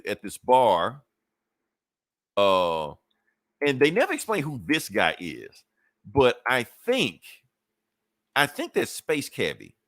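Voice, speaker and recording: A man's voice: medium pitch, a bit bright, no echo, studio quality. A man casually recapping a comic book on a podcast, swearing freely and acting out the characters' lines. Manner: loose and profane, acts out characters' lines with laughs. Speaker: podcast co-host reviewing comics.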